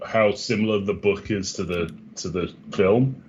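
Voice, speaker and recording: A man co-hosting a film podcast, chipping in with quick asides and acted quotes. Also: on the low side, a little mellow, slight background noise. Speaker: podcast co-host. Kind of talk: casual film chat. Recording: dull lo-fi mic.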